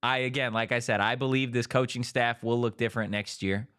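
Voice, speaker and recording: A man hosting a casual sports talk show, firing off rhetorical questions in an animated way. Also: mid-range voice, a little fast, clean tone.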